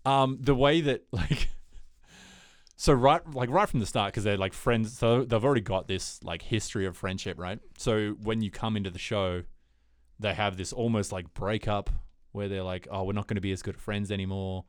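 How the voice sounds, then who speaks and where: A man co-hosting a podcast, chatting casually about TV shows and acting out scenes in quick put-on voices. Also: lowish voice, steady tone, clear, resonant tone, no room sound, studio quality. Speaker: podcast co-host.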